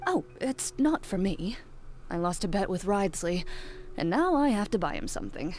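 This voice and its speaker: A woman voicing a calm, composed young huntress in a video game, speaking tersely and with dry formality. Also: mid-range voice, moderate pace, slight background noise, lightly acted. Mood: cool.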